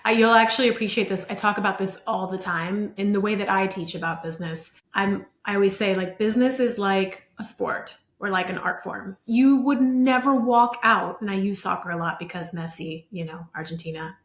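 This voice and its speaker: A woman's voice: medium pitch, normal speed, hardly any pauses. Podcast host woman in an echoey room. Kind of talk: conversational interview.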